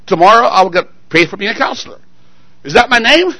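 A married man preaching a sermon, firing call-and-response questions at the congregation and swinging between loud exclamations and quiet asides. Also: high-pitched, lively intonation, fast, no room sound, rough recording. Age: adult, married.

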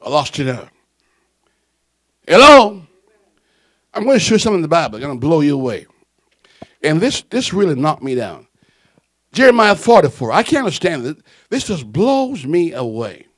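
A male preacher in a church delivering a fiery sermon on microphone, shouting emphatic lines and telling stories with playful asides. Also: fairly high pitch, big pitch swings, normal speed, pauses often, dry recording.

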